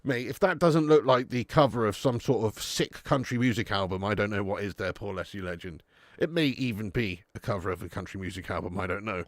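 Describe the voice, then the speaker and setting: An excitable man doing live fan commentary on a football match, swearing freely and chatting to viewers between plays. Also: lowish voice, brisk, dry recording, studio quality. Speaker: fan watch-along commentator.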